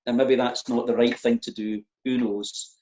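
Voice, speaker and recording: A middle-aged man, a church minister, speaking openly and reflectively in an interview, often halting and repeating words. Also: medium pitch, level tone, mellow. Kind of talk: candid conversational interview. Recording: echoey, dull lo-fi audio.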